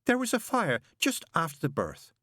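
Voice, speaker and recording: A man's voice: on the high side, huge pitch swings, moderate pace, pushed and bright, dry recording, clean studio sound, pitched above the performer's own voice, heavily acted. A man doing a dazed, hollow-voiced former nun. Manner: hollow, wistful, curt. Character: dazed former nun, middle-aged woman.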